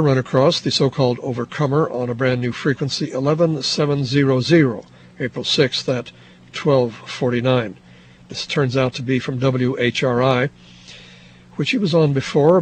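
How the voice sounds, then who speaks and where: A man reads a radio news roundup with a steady, scripted delivery, rattling off frequencies and times. His voice sits at an ordinary middle pitch, and a faint hiss runs underneath. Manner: measured, reads frequencies and quoted listener reports. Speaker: shortwave radio news host.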